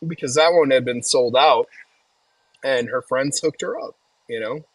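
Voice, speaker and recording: A man's voice: medium pitch, measured pace, no echo, rough recording. A middle-aged man co-hosting a casual chat, laid-back and swearing casually, calling his friend dude. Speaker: podcast co-host.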